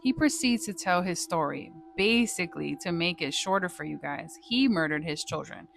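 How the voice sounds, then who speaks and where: A woman vlogger casually telling a ghost story, swearing freely in a lively, dramatic way. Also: lowish voice, normal speed, vocal fry, faint music behind.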